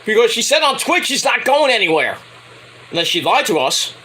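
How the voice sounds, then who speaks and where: A man giving a rambling, casual spoken review of a wrestling show, excitable and swearing freely. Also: very high voice, moderate pace, husky, poor audio.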